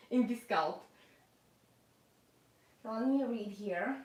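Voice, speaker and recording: A woman's voice: medium pitch, expressive, takes it slowly, a little mellow. Chatty woman reading live comments, echoey room. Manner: chatty, reads viewer comments aloud, many fillers. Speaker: doll collector hosting a live stream. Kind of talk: casual live-stream unboxing chat.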